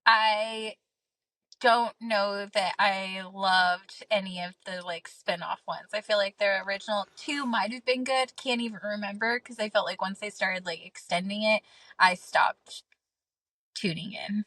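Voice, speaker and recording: A woman's voice: medium pitch, unhurried, bright, forceful tone, no room sound. A woman co-hosting a podcast in casual chat, easygoing and agreeable, with plenty of "like" and "um". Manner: easygoing, agreeable, filler-heavy. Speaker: podcast co-host.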